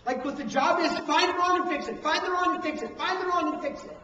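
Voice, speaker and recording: A man preaching a sermon on parenting, switching between acted-out scolding and hushed emphasis, recorded from a distant camcorder. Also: very high voice, fast. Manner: animated preaching, acts out parents and coaches, drops to hushed emphasis. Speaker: pastor. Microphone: handheld camcorder from the room. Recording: echoey hall, distant camcorder mic, dull sound.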